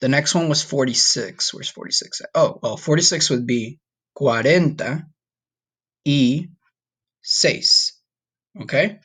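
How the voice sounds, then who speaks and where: A man teaching a recorded Spanish lesson to students, encouraging and casual, slowing down to model each word. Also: medium pitch, lively intonation, a bit bright, breathy edge. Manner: encouraging, talks straight to students, repeats words slowly to model pronunciation.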